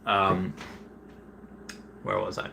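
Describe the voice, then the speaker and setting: A man hosting a casual livestream, rambling with lots of fillers and getting loud and worked up when annoyed. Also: sits low, very slow, creaky, slight background noise. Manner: excitable, rambling with many fillers, gets loud when upset. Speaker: host.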